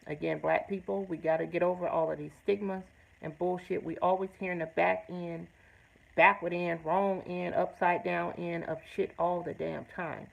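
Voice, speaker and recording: A woman's voice: lowish voice, steady tone, moderate pace, vocal fry, muffled recording. A woman hosting her own show, telling a personal story in an earnest, emphatic way with blunt, salty language. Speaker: host. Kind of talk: personal testimony to camera.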